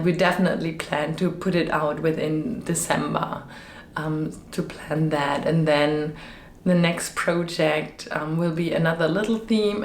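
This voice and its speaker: A woman's voice: deep voice, a little hiss or hum. A woman who designs web themes, talking in a rambling, chatty vlog style with lots of fillers, her voice a little off after being sick. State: voice slightly off after illness. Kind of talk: casual vlog chat. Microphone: microphone with fluffy windscreen. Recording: echoey room.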